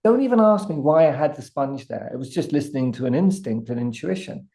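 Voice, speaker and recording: A man with a British accent, a guest artist telling a vivid, animated story with frequent restarts. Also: mid-range voice, brisk, vocal fry. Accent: British English. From Britain. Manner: vivid, building anecdote with many restarts.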